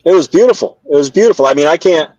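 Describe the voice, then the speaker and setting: A man's voice: a little high, expressive, fast, darkish tone, dry recording, dull audio. Older man telling a rambling story, dry sound. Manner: rambling, many restarts and fillers. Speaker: guest, former pro wrestler. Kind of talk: casual interview, storytelling.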